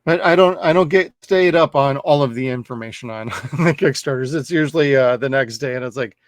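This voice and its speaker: In a loose movie review chat about a horror film, this podcast co-host speaks briskly at medium pitch. He's laid-back and profane, laughing a lot. The recording has no echo.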